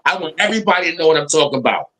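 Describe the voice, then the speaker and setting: A man's voice: fairly high pitch, expressive, very fast, bright, forceful tone. A man co-hosting a live stream panel, telling stories in casual, slangy, profane chat and acting out the voices he quotes.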